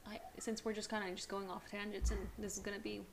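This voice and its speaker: A woman's voice: medium pitch, little pitch movement, fast, background noise. Chatty, swearing young woman podcaster. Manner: chatty storyteller, swears freely, dramatic retelling. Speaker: podcast co-host. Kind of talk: casual chat.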